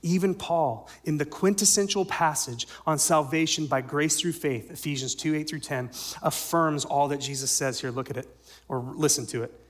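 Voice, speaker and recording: A man's voice: fairly high pitch, moderate pace. Man preaching with dramatic dynamics. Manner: dynamic preaching, swings from loud emphasis to soft near-whispers; asks the congregation rhetorical questions. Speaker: pastor. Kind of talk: sermon.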